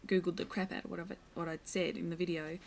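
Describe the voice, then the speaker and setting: A woman's voice: fairly low pitch, little pitch movement, fast talker, creaky, slight background noise, poor audio. A young woman vlogging at home, chatting casually as she shows and reads from a children's picture book, full of playful asides.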